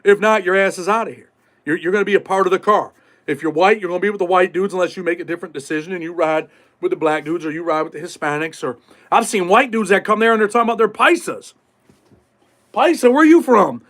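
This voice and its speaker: High-voiced man in streetwise prison talk. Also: quick pace, fairly bright tone. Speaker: podcast host. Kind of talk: casual live-stream talk.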